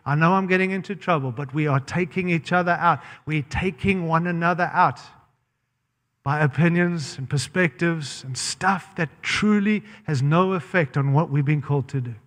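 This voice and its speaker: A man's voice: a little high, normal speed, fairly bright tone. An American man preaching a sermon, blunt and impassioned, often breaking off mid-phrase to restart. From United States. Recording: long hall reverb.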